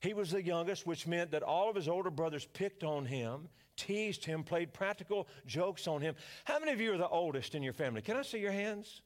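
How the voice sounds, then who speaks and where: An older pastor with a Louisiana accent preaches a sermon in a folksy, joking style. His voice sits high for a man, and he speaks to the congregation as a storyteller. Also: lively intonation, brisk, few pauses.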